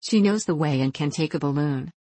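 A woman's voice: deep voice, fairly quick, mellow, no room sound. A woman reading the lines of a polite, whimsical male fairy guide in a storybook, in a solemn, courtly manner.

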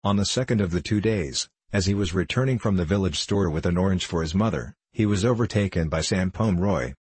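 A man reading a classic novel aloud as steady, even narration. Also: sits low, a little fast, slightly rough, no echo. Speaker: audiobook reader.

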